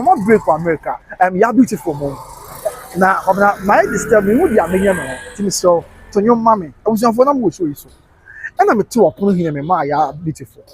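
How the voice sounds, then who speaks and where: Man, Ghanaian accent, live stream host, high voice, husky, dry close mic. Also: no room sound. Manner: chatty, breaks into singing snatches, laughs often. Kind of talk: casual live chat, mixing English and Twi.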